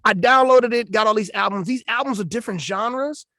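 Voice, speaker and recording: A man co-hosting a podcast in casual chat, animated and joking with slangy asides. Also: sits high, brisk, dry recording, clean studio sound. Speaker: podcast co-host.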